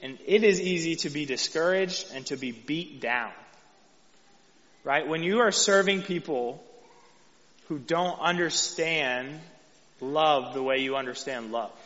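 Man, Texan accent, preacher, conversational sermon, bright, slightly high voice, lo-fi echoey hall. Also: a little slow. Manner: casual and conversational, frequent "right?" asides. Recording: echoey hall, dull lo-fi sound.

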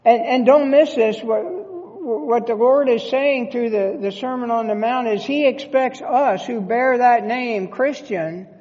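A pastor preaching a sermon in a church sanctuary, speaking earnestly with halting restarts. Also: mid-range voice, a little mellow, big-room sound, dull audio.

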